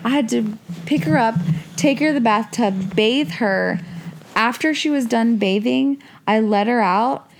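A woman tells a story in a relaxed co-hosted chat. Her voice sits a little high, and she stretches key words out for effect. She sounds animated and expressive throughout. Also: a little hiss or hum. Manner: animated, slows down for emphasis.

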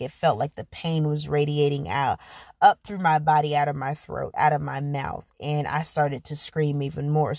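A woman's voice: deep voice, darkish tone, no room sound, clean studio sound. A woman earnestly recounting a painful personal experience in a conversational way, with many filler words. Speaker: podcast host. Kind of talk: personal storytelling.

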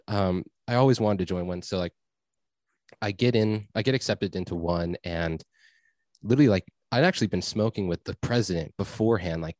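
A man's voice: deep voice, darkish tone, no echo. A young man telling a rambling story in a casual chat, laid-back, swearing and full of fillers. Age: young adult.

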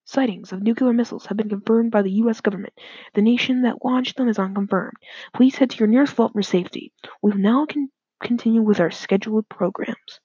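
A woman voicing a male TV news anchor who reads a bulletin quickly and formally. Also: on the high side, dark tone, slightly rough, no room sound. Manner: quick, formal announcer delivery. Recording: dull lo-fi dry recording.

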